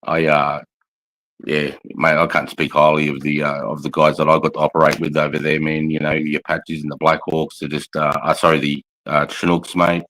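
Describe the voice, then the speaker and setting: A man's voice: rumbling low, completely flat delivery, brisk, fairly bright tone, a little hiss or hum, low-quality recording. A man with an Australian accent, a veteran chatting casually, swearing freely and calling everyone mate. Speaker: veteran guest. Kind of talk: casual chat.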